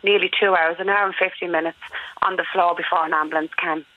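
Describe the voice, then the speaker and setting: A woman's voice: on the low side, steady tone, fast talker, no echo. A woman, a caller on a radio phone-in, talking in an indignant, emphatic way. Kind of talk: complaint on a phone-in. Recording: tinny dry phone line.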